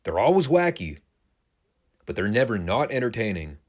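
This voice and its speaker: A man with a lowish voice talks through a wrestling review in a loose, conversational way. His delivery swings widely in pitch, and he laughs and drops casual curses as he goes. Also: moderate pace. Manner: animated, laughing, casual swearing. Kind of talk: casual recap commentary.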